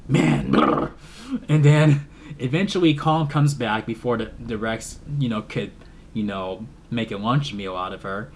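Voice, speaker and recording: A man's voice: fairly low pitch, moderate pace, a little hiss or hum. A man casually reviewing a movie, rambling, repeating himself and laughing often. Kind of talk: casual film review vlog.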